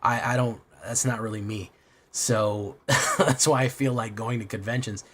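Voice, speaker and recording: Low-voiced man chatting on a stream. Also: fairly even intonation, a little slow, breathy edge. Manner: rambling, self-deprecating, swears often. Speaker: streamer playing a card game. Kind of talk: casual live-stream chat.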